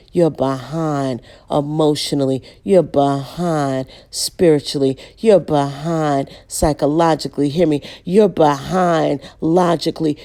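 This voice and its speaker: A woman preaching in a blunt, direct way, repeating key lines and slowing down to drive her points home. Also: low-pitched, mellow. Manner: direct, emphatic, repeats lines and slows down for stress. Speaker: online preacher.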